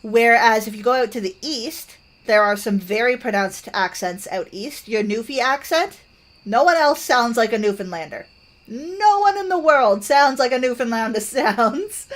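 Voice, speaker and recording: A woman with a Canadian accent chatting casually while she plays a game, rambling and thoughtful, with many fillers and restarts. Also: medium pitch. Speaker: gaming streamer.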